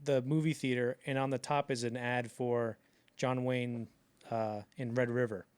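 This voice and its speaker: A young man co-hosting a podcast in casual chat, talking animatedly and jumping into loud acted-out quotes. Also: medium pitch, a little slow, clear, resonant tone. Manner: animated, acts out quotes in bursts, many fillers. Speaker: podcast co-host.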